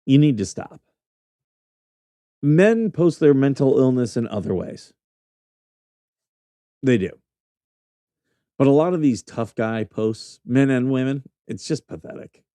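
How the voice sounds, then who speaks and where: Guy hosting a casual news show, blunt and mocking, swears a lot, mellow dark voice, dry close sound. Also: mid-range voice, lively intonation, unhurried, long pauses, smooth, no echo. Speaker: host. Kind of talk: casual commentary on news clips.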